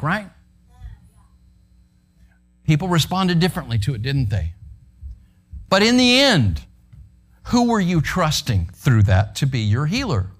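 A man preaching a conversational sermon in a church, asking the congregation rhetorical questions. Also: a little high. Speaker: pastor. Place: church sanctuary.

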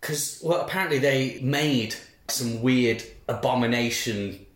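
A man's voice: medium pitch, unhurried. A man co-hosting a podcast, asking wry questions in casual chat. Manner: wry, questioning, laughs often. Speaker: podcast co-host. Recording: roomy echo.

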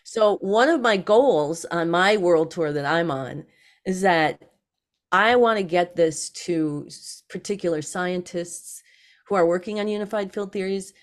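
A woman guest on a podcast interview, telling stories in an animated way and acting out other people's lines. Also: on the low side, a little slow. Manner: animated, acts out others in lively quotes.

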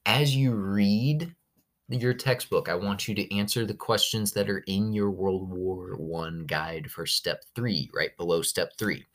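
A man's voice: low voice, unhurried. A male history teacher recording a podcast lesson for his class, telling the story with energy and slipping into goofy voices for the countries.

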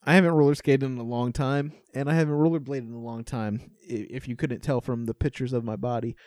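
A man's voice: medium pitch, steady tone, fast, darkish tone, no room sound, clean studio sound. A man co-hosting a casual podcast chat, teasing his co-host, swearing freely and laughing often.

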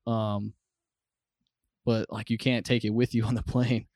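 A man's voice: lowish voice, flat delivery, unhurried, a little mellow, no room sound. A young American man telling a story on a podcast, rambling and swearing, with many fillers, close to the mic. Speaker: podcast guest. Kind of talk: casual storytelling. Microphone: close studio mic.

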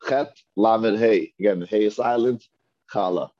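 Low-voiced man teaching a reading class. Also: a little mellow. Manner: patient, repeats words slowly, asks the class questions. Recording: dull lo-fi dry recording.

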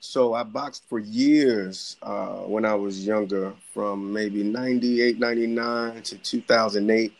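A middle-aged man from the Bronx, talking casually on a podcast about his family clothing business and boxing, relaxed and halting with many fillers. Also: fairly low pitch, vocal fry. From the Bronx, New York. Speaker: guest, clothing entrepreneur and boxing coach.

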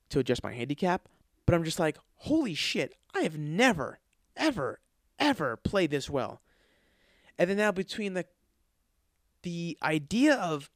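A man's voice: mid-range voice, no room sound, clean studio sound. A man telling a story in a casual monologue, ranting with a lot of swearing. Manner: profane, animated ranting with frequent swearing. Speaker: podcast host.

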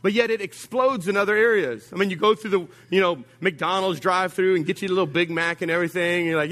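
Animated male preacher, slightly high voice. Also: fast, few pauses. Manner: humorous, animated storytelling with big swings of pitch and volume; addresses the congregation directly with call-outs. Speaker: pastor. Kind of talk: sermon.

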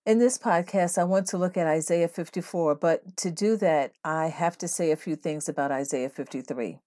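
A woman hosting a devotional podcast, teaching in an earnest, steady way and reading scripture aloud. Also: lowish voice, moderate pace. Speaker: podcast host.

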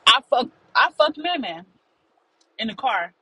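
A woman's voice: fairly high pitch, big pitch swings, a little slow, bright, forceful tone, breathy edge, no echo, low-quality recording. A young woman telling a frank story to her listeners in a rambling, casual way.

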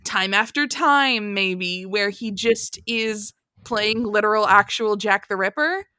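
A woman co-hosting a casual film-review podcast, animated, swearing freely and laughing often. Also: medium pitch, takes it slowly, clean tone, no echo, studio quality. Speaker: podcast co-host.

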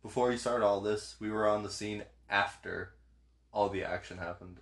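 A man's voice: on the low side, fairly even intonation, normal speed. A man co-hosting a casual movie chat, chiming in with teasing remarks. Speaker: podcast co-host. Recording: echoey room.

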